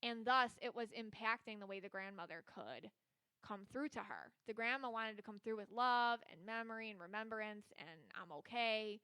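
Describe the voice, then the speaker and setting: A bright, forceful woman's voice, smooth and crisp, with the dry sound of a close podcast mic. She hosts a casual solo show as a psychic reader and talks in a chatty, rambling way, full of filler words. Her voice sits a bit higher than most women's. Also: expressive, normal speed, no echo.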